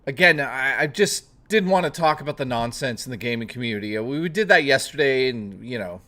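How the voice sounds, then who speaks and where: A man's voice: mid-range voice, lively intonation, a little fast, bright, forceful tone. A man hosting a casual chat stream, rambling and joking with plenty of swearing, greeting chat readers by name. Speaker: livestream host.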